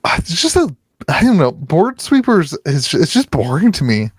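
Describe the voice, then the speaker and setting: A man's voice: a little high, big pitch swings, normal speed, slightly rough, dry recording. Man, podcast host, casual chat, rambling, laughing, dry sound.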